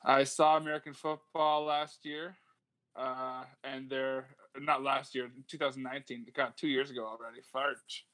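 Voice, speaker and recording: Medium in pitch and a bit bright, a male podcast co-host speaks at normal speed without much pitch variation. Casual and enthusiastic, he rambles with lots of fillers and regular swearing.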